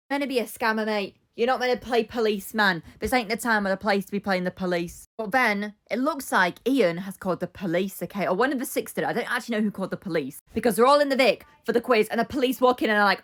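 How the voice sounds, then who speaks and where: A woman's voice: mid-range voice, brisk, hardly any pauses, fairly bright tone. A woman recapping a soap episode in a casual vlog, blunt, exasperated and sweary. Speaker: soap opera reviewer.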